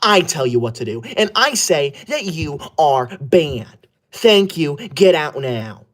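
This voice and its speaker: A man's voice: a little high, very animated, slow pace, a bit bright, full character voice. A man playing a bossy, touchy schoolboy livestreamer who is obsessed with rules, in a comedic livestream parody, talking in a scolding, indignant way.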